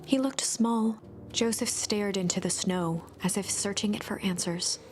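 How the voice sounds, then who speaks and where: A woman narrating a story-driven game in a measured, gentle storytelling voice. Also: mid-range voice, a little hiss or hum, close to an everyday voice.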